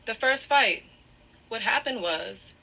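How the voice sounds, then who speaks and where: A woman with a bright, forceful voice recounts a painful story while close to tears. She keeps apologizing and steering herself back with "however" as she digresses. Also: fairly high pitch, expressive, takes it slowly, creaky. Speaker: guest telling her side of a breakup. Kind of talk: emotional personal storytelling.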